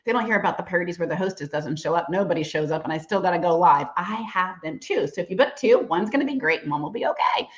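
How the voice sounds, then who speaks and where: A middle-aged woman giving a live-streamed sales training, talking fast and chatty and calling her listeners girl and y'all. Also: on the low side, expressive, lo-fi sound. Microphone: computer mic on a live stream.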